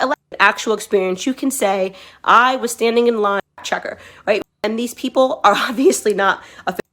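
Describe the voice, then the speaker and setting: A woman's voice: a little high, a bit bright. A woman commentator making a political argument, emphatic, posing rhetorical questions as she goes.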